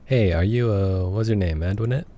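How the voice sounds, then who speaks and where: A man running a casual gameplay series, joking as he reads the game's dialogue aloud. His voice sits fairly low, with a soft, mellow tone and a faint hiss behind it. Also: normal speed. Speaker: let's play host.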